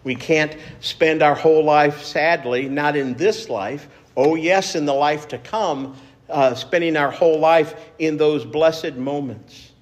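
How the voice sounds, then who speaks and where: A man preaching a sermon as pastor, earnest and measured, repeating phrases for emphasis. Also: a little high.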